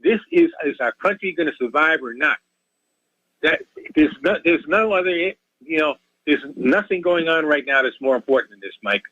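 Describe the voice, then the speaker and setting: A man's voice: a little high, animated, moderate pace, sharp tone, no echo. A man calling in to a radio show, ranting and pleading with emotion and repeating himself. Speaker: caller. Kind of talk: impassioned call-in rant. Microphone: telephone. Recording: muffled phone line.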